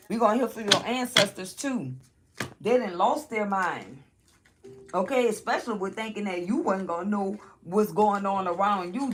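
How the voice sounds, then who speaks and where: A woman's voice: mid-range voice, a little hiss or hum. A woman from New Orleans giving a tarot reading to her viewers, emphatic and repetitive, often checking in with "okay?" while she shuffles through her cards. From New Orleans, Louisiana. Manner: emphatic, repeats lines, frequent "okay?" check-ins. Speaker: tarot reader.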